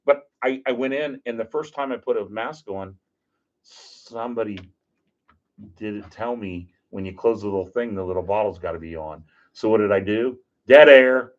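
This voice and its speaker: A man, a podcast guest, telling stories in a casual, animated, joking way and acting out what people said. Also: on the low side, moderate pace. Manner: animated, jokey, acts out quotes. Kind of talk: casual storytelling. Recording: dull lo-fi podcast audio.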